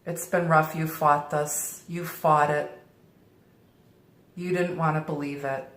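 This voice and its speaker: Low, unhurried woman giving a tarot reading. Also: flat delivery. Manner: reassuring, repeats and restarts phrases. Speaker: tarot reader. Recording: roomy echo.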